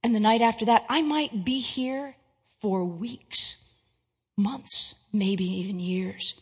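A woman voicing a huge, greasy, menacing man at the door, who speaks in a low, slow, hushed whisper. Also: husky, in a large hall.

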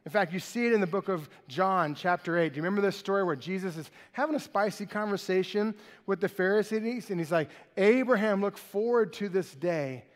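A pastor preaching a sermon in an animated, conversational way, in a large church hall. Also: male voice, sits high, fast talker.

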